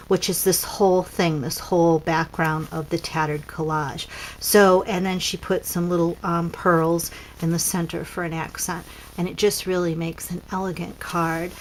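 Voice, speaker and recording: A woman's voice: on the low side, poor audio. A woman casually demonstrating papercraft cards as a seller, chatty and pointing things out with frequent ums.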